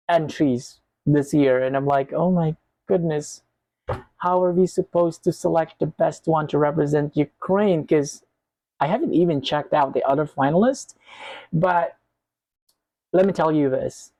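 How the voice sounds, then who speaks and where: A man's voice: a little high, a little mellow, dry recording, rough recording. A man hosting a reaction video, talking casually and emotionally straight to his viewers and gushing over what he hears.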